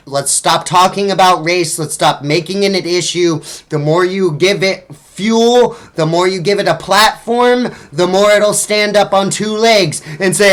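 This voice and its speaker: A young man hosts a fiery political talk show, swearing freely and mocking his targets with sarcasm. His voice sits a little high for a man, and he stumbles through frequent "uh"s and "um"s as he rants. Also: a little slow, few pauses, fairly bright tone. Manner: angry, profane, sarcastic ranting with frequent fillers. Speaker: radio show host.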